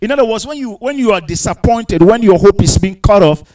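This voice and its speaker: A man preaching a sermon, dropping to quiet asides and rising to loud, drawn-out scripture readings, asking the congregation to answer back. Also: high voice, animated, low-quality recording. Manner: calls out to the congregation for responses.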